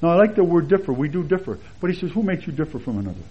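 A man giving a conversational expository sermon as a Bible teacher, relaxed and chatty, with anecdotes and chuckles along the way. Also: fairly high pitch, rapid-fire, slightly rough. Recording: dull lo-fi sermon recording.

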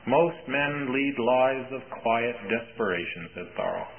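A man preaching a sermon in a conversational storytelling way, with pauses and restarts. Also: medium pitch, expressive, creaky. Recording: tinny phone-like recording with faint hiss.

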